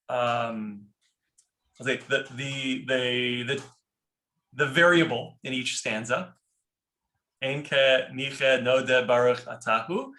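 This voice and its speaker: A man's voice: mid-range voice, sharp tone, roomy sound. A man teaching a class on a prayer book, explaining step by step and often checking in with "right?". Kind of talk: informal class lecture.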